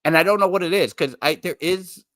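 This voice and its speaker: This man's voice is high and a bit bright, moving a little fast as he co-hosts a podcast. He wanders through casual conversation, fixing his own words along the way, captured in a dry studio-quality recording.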